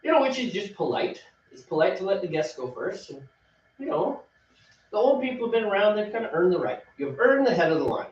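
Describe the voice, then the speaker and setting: Chatty homebrew co-host, man, animated delivery, faint room noise behind. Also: high voice, brisk. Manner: chatty, laughs often. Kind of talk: casual chat while brewing. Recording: roomy, distant, dull sound with faint background noise.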